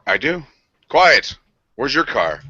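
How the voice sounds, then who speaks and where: A young man co-hosting a casual podcast, telling stories with lots of swearing and animated banter. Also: medium pitch, slow pace, slightly rough, no room sound, dull audio. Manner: animated storytelling, swears freely. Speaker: podcast co-host.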